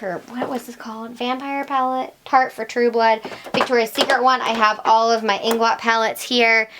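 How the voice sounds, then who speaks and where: A young woman vlogger chatting casually to camera about her makeup collection, swinging between excited and tired asides. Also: fairly high pitch, slight background noise. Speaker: beauty vlogger.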